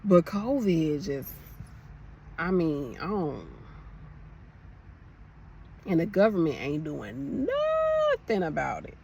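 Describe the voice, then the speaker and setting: A woman's voice: lowish voice, wildly swooping pitch, slow, gravelly, long pauses, a little mellow, dull audio, slight background noise. A young woman nurse from the American South ranting emotionally to her viewers, passionate and preachy, calling them y'all. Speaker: nurse vlogger. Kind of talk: emotional casual rant to camera.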